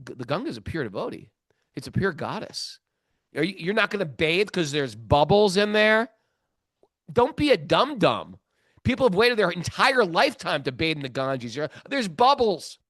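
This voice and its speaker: Animated middle-aged man telling a story. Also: high-pitched, no echo, studio quality. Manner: animated storyteller, acting out quotes, laughs often. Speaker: podcast host. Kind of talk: casual storytelling on a spiritual podcast.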